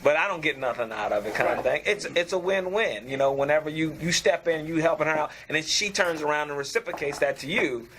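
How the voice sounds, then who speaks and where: A man's voice: fairly high pitch, quick pace, hardly any pauses, a bit bright, slight background noise. A man in a barbershop group talk, explaining his ideas on communication in a thoughtful way. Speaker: barbershop discussion participant. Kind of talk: casual group chat.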